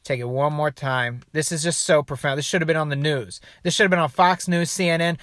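A man with a bright, fairly high voice rants through a video clip in casual, foul-mouthed commentary. He talks with animated energy and keeps tossing in "dude" and "okay." The sound is dry and close. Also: brisk, few pauses, no room sound.

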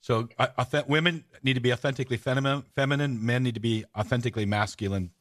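A man hosting a casual podcast chat. He tells stories with eager energy, circling back and restarting his sentences. His voice sits at an everyday mid pitch. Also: quick pace, a bit bright. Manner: enthusiastic storytelling, rambling with restarts. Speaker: host.

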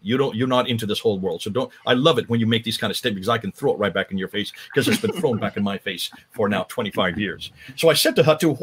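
A husky-voiced man talks through his points with lively, swinging pitch. He speaks emphatically in a conversational lecture style, often restarting his sentences. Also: quick pace, hardly any pauses. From United States. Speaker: guest speaker.

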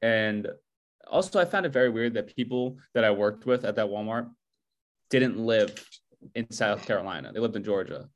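A man's voice: lowish voice, lively intonation, moderate pace. A man co-hosting a podcast in casual chat, given to dry, sarcastic remarks. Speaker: podcast co-host.

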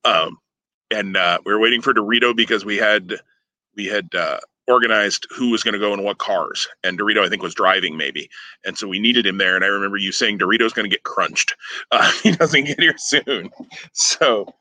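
A man's voice: on the low side, fairly quick, pushed and bright, dry recording, poor audio. A man hosting a podcast, telling a long rambling story in casual chat, often breaking off with fillers and chuckles. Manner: rambling, self-interrupting, chuckling. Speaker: podcast host.

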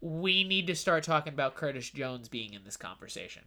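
Loud, teasing podcast co-host with bright voice. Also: mid-range voice, animated, a little fast, a little hiss or hum. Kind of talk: casual football chat.

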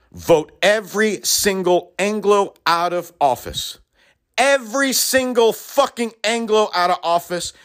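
A man delivering an impassioned, profane political rant, swinging between low mutters and loud outbursts.

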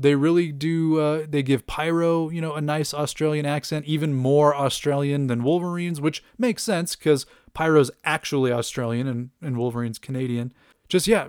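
A man's voice: mid-range voice, a little mellow, clean tone, dry recording. Male host, casual chat, rambling and upbeat, dry close recording. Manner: enthusiastic, rambling, many fillers and laughs. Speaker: podcast host reviewing a cartoon.

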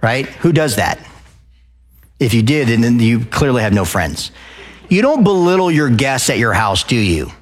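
Man, from Arizona, loud, passionate, mid-pitched voice, live lecture, keeps asking the audience questions. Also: big pitch swings, normal speed. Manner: addresses the crowd with frequent "okay?" and questions. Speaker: speaker at a live event.

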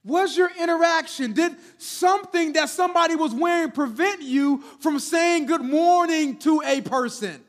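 A man preaching a sermon as senior pastor, talking straight to his congregation, often repeating words and swinging between loud emphasis and hushed, stretched-out words. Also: extremely high pitch, normal speed.

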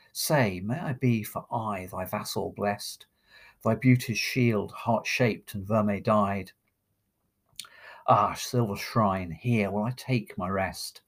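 A man voicing an ardent young male lover, reciting his lines slowly as poetry. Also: on the low side. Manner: slow, impassioned verse recitation.

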